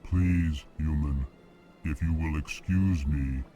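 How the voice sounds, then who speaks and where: An actor playing a huge, emotionless alien diplomat who speaks in a slow, deep monotone and names each emotion before he speaks. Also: faint music behind. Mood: flat monotone.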